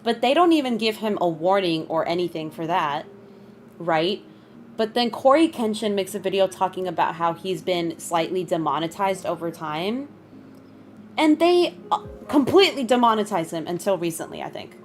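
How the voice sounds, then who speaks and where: Chatty young woman streamer, lively pitch. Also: moderate pace, faint music behind. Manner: chatty, greets chat, bursts of high laughter. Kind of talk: casual live-stream chat.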